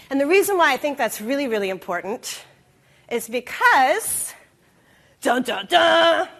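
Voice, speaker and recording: A woman speaking to an audience from an event stage, with a somewhat higher-pitched voice. She is animated, slips into quick acted-out voices and puts questions to the room. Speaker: expo speaker. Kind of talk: live presentation talk.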